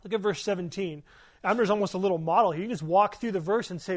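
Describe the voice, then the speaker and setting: A middle-aged man preaching a sermon with a notably high-pitched voice. He talks to the congregation in a relaxed, conversational way, telling personal stories earnestly and tossing in rhetorical questions. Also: fast talker. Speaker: pastor.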